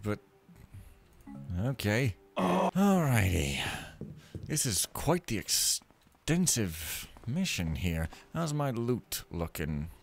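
A man giving chatty, jokey commentary while playing a game, full of wandering asides. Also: lowish voice. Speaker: gaming video host. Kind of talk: let's play commentary.

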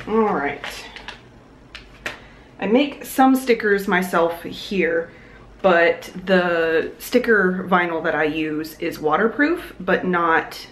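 A woman's voice: lowish voice, fairly bright tone. Chatty young woman vlogging in an echoey room. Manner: chatty, upbeat, thinking aloud. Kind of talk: casual vlog chat. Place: home room. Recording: echoey room, faint noise.

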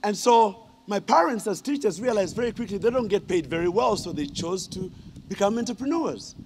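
A man's voice: sits high, lively intonation, fairly quick, a little mellow, slight background noise. A man, giving a humorous ceremonial speech and teasing the audience with questions. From Uganda. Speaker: honorary degree recipient giving a speech.

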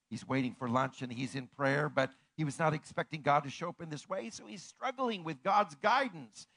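A man pastor delivering a sermon in an animated way, swinging from hushed, slow passages to ringing declarations. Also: mid-range voice, husky, no room sound, low-quality recording.

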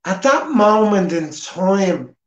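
A man's voice: high voice, expressive, takes it slowly, muffled recording. A man with a Dublin Irish accent telling his personal testimony at church in an earnest, plain-spoken way. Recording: echoey church hall.

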